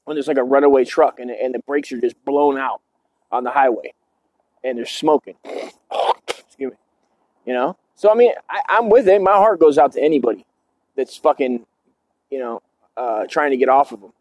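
A man's voice: mid-range voice, moderate pace, long pauses, a little mellow, dry recording. A man in his forties hosting a podcast, telling stories casually in a profane, rambling way and tossing in "dude" and "man". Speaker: podcast host. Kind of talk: casual storytelling.

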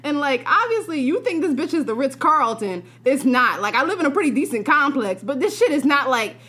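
A young woman co-hosting a podcast, telling a story in casual, profane, animated chat. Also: high voice, a little fast. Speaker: podcast co-host.

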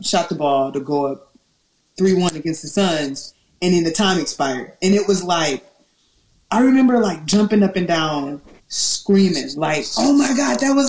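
A woman co-hosting a casual sports chat, telling stories with lively acted-out quotes. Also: sits low, echoey room. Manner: animated storyteller who acts out quotes.

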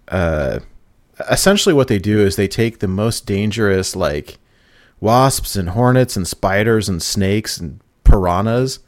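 A man casually telling a long story on a podcast, excited and laughing as he goes, often acting out quotes. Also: on the low side, dry recording, studio quality. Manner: animated storytelling, laughs, mimics people in quotes. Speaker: podcast host.

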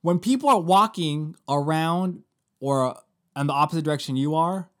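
With a fairly high pitch and moderate pace, a podcast co-host in his thirties chats casually, breaking into emphatic, swear-filled rants.

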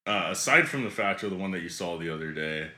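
A young man hosting a loose, casual podcast with a bright, lively voice that swings up and down as he mimics people in mocking tones. He sounds like he's in an echoey room. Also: low voice, fast. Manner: animated storyteller, acts out quotes in mocking voices. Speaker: podcast co-host. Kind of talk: casual chat.

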